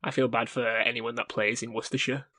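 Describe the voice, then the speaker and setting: A man at an ordinary middle pitch, delivering blunt verdicts with a dry wit. He talks casually on a podcast, and the sound is close with no room sound. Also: level tone, quick pace, sharp tone, dry recording. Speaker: podcast co-host. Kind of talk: casual chat.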